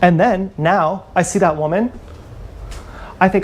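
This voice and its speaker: A man's voice: high-pitched, unhurried, slight background noise. Bitter ranting man on a livestream. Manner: ranting, bitter and contemptuous, repeating himself. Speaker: vlogger. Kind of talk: live-streamed rant. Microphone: action camera.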